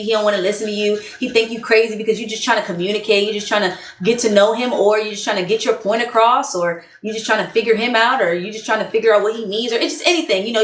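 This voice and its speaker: A woman vlogging relationship advice in a blunt, chatty way, laughing often and repeating points for emphasis. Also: medium pitch. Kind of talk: candid casual monologue. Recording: roomy echo.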